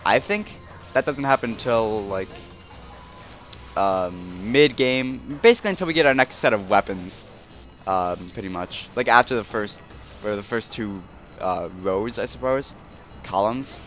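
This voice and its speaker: A man's voice: lowish voice, expressive, unhurried, fairly bright tone, soft background music. A man commentating his let's play in a rambling, self-deprecating way, full of fillers.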